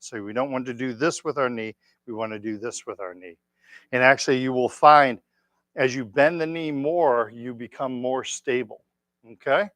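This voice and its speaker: A man teaching tai chi, calmly calling out each move and counting the steps for his class. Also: mid-range voice, dry recording, studio quality. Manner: calm, counting out moves slowly. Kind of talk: leading an exercise class. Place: exercise class room.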